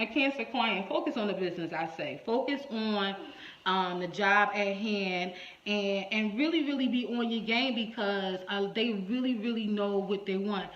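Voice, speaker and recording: A woman hairstylist telling a story to her viewers in a casual, salty way, playing both sides of a phone call. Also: mid-range voice. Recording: echoey room, dull lo-fi sound.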